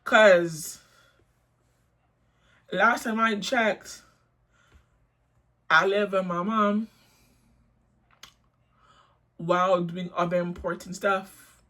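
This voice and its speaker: A woman's voice: medium pitch, fairly even intonation, extremely slow, long pauses, fairly bright tone. A young woman telling a storytime vlog in a blunt, profane, indignant way. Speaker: storytime vlogger.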